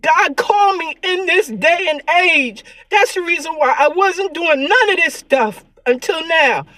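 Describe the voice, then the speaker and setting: A woman vlogger with a high voice speaks in an earnest, preachy monologue and repeats her points. She sounds tearful, and the recording is close and dry with no room sound. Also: lively intonation, measured pace, sharp tone, no echo. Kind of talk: emotional spiritual vlog monologue.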